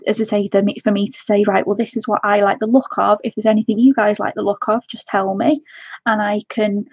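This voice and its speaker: A woman hosting a colouring live stream, talking to her viewers in an emotional, halting way with many restarts. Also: mid-range voice, little pitch movement, creaky, a little mellow, husky, no echo, lo-fi sound. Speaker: colouring channel host.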